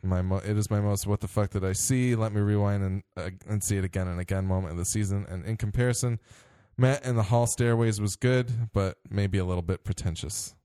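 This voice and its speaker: A man's voice: fairly low pitch, fairly even intonation, fairly quick, few pauses, dark tone, clean tone, no room sound, clean studio sound. A man hosting a casual podcast chat, reading listener mail aloud with a ready laugh. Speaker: podcast host.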